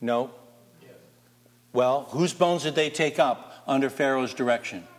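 A man preaching a sermon, reading scripture and putting lively questions to his congregation. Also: medium pitch, a little slow. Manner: animated, asks the congregation questions. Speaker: pastor. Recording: long reverb of a large hall.

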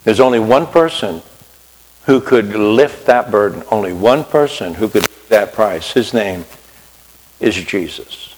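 A man's voice: lowish voice, expressive, measured pace, noisy background. A man preaching a sermon in a conversational way, often asking his listeners questions. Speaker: pastor. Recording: long reverb of a hall.

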